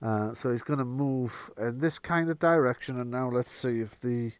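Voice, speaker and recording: A man's voice: mid-range voice, normal speed, clear, resonant tone, no echo. A man, running a tabletop game as game master in a casual, laughing way. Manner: laughing often, casual and animated.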